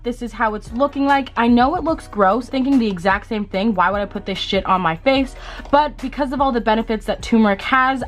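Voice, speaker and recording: A young woman vlogging a casual DIY beauty tutorial at home, chatty, laughing at herself and swearing casually. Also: on the high side.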